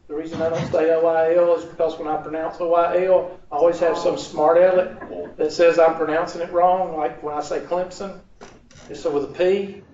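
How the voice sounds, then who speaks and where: Southern man lecturing in an echoey classroom. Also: fairly high pitch. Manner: joking, asks the class to fill in words. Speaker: math instructor. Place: large classroom. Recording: echoey, dull, distant classroom recording.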